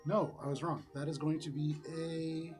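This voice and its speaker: A man running a tabletop game as game master, narrating casually with frequent throat-clearing and fillers. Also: a little high, fairly even intonation, moderate pace, a little mellow, faint music behind.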